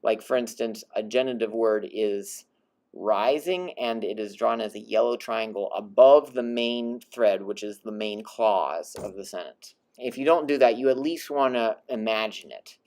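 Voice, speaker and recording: A man's voice: lowish voice, unhurried, a little mellow. A man teaching Latin in a recorded lecture, patiently explaining and demonstrating rising and falling intonation on example phrases.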